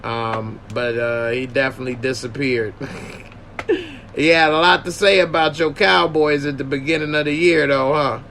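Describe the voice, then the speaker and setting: A man's voice: medium pitch, steady tone, moderate pace, a bit bright, a little hiss or hum. A man hosting a casual livestream podcast, joking and slangy while thanking his viewers. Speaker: podcast host.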